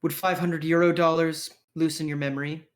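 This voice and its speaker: A man's voice: on the high side, little pitch movement, brisk, close to an everyday voice. A man doing Mister Violet, gaunt and menacing. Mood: cold, probing.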